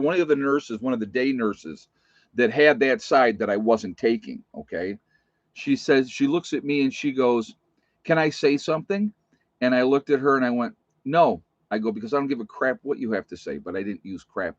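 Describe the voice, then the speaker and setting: In a casual vlog, a male nurse tells stories from his shifts, blunt, plainspoken and emphatic. His medium-pitched voice is expressive and a little fast, with no room sound, though the recording is dull and muffled.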